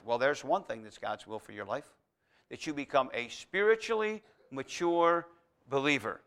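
This man preaches a homey, chatty sermon in a bright, forward voice on the high side, very animated and at normal speed. Asides and restarts break it up until he climbs into loud, emphatic exhortation.

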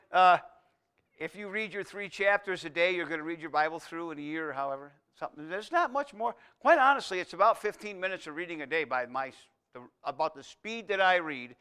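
A male pastor preaching a sermon. He builds emphatic repeated phrases, then drops to a soft, intimate tone. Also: fairly high pitch, clear, resonant tone. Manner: preaching with rising, emphatic repetition.

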